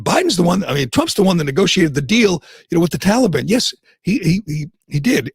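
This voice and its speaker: Male talk-radio host, raspy, a touch high, indignant, close dry studio mic. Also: no room sound. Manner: heated, indignant and sarcastic; mocks others in put-on voices. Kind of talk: opinionated talk radio rant.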